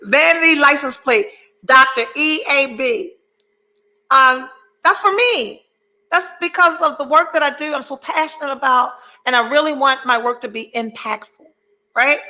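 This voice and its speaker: A woman's voice: sits high, normal speed, sharp tone, poor audio. A middle-aged woman hosting a podcast, giving a candid motivational monologue, blunt and profane, emphatic, with rambling asides. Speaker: podcast host.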